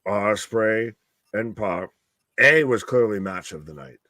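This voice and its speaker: A man's voice: lowish voice, animated, takes it slowly, pushed and bright, no echo, studio quality. A man co-hosting a live wrestling watch-along, swearing heavily and trailing off mid-sentence in exasperation. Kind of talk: profane live commentary chat.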